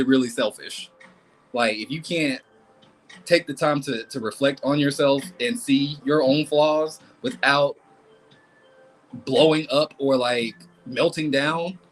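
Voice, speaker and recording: A man's voice: on the high side, rough recording. A man doing a casual live tarot reading, talking bluntly and swearing often. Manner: blunt, animated, swears and laughs a lot. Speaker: tarot reader.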